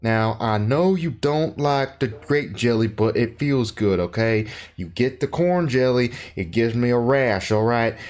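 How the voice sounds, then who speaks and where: A man's voice: medium pitch, unhurried, hardly any pauses, darkish tone, voice pushed up, close to an everyday voice. A man doing a mocking impression of a pompous male Southern detective with an exaggerated fake Southern drawl, drawn out and fussy.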